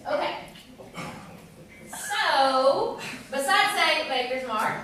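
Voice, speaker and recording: A woman's voice: sits high, animated, drawn-out words, fairly bright tone, a little hiss or hum. Upbeat woman guiding a tasting group. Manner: upbeat and instructive, quizzes the group. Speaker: distillery tour guide. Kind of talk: guided tasting presentation. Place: distillery tasting room with a tour group. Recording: echoey room, distant mic, group chatter.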